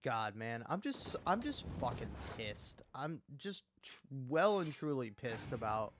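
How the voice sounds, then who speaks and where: A man's voice: mid-range voice, sing-song, unhurried, noisy background. A man in an angry gaming rant, swearing often and repeating himself in exasperation. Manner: profane, repetitive, exasperated ranting. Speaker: gaming video creator.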